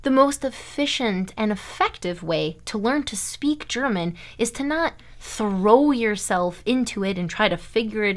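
Woman, from Iowa, language teacher, emphatic and chatty, slightly high voice. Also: fairly bright tone. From Iowa, USA. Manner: emphatic, chatty, checks in with "okay?" often. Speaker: German teacher. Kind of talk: online language lesson.

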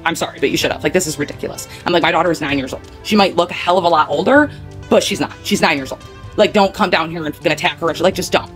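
A woman's voice: deep voice, fairly bright tone. A woman with a heated, rambling manner, full of "like" and swearing, casually telling a personal story to her viewers. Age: adult parent of a nine-year-old.

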